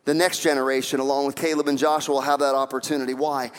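A man's voice: mid-range voice, flat delivery, quick pace. A man preaching a sermon as pastor, acting out quoted voices and building to fervent emphasis. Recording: long hall reverb.

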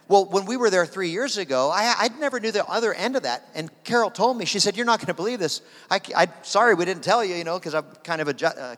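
A man tells a story from the pulpit in a fairly high voice, jumping between quieter narration and louder acted lines. His words ring out with a long reverb from a big hall around him. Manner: animated storytelling, acting out quoted voices. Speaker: preacher. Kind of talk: sermon storytelling.

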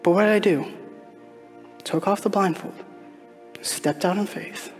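A man's voice: high-pitched, unhurried. A man preaching a sermon as pastor, telling a personal story in a conversational way and putting questions straight to the congregation. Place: church sanctuary. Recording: long hall reverb, faint music behind.

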